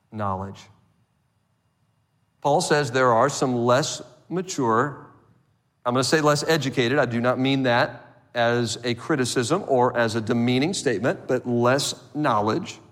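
A man preaching a sermon as pastor, animated and acting out little scenes for the congregation. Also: mid-range voice. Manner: animated preaching with acted-out voices. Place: church sanctuary. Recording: long reverb of a church hall.

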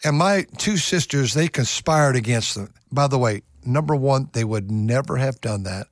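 An earnest male pastor giving a radio sermon, reading scripture and then speaking his own mind. His voice sits at a middle pitch and sounds dry and close, with no room around it. He often stumbles and repeats words when he gets worked up. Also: lively intonation, moderate pace, no echo.

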